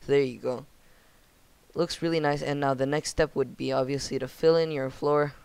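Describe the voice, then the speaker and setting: A young man speaking in a monotone as he talks through a game building tutorial on his channel. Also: medium pitch, normal speed, gravelly, clear, resonant tone, no room sound. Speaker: channel host.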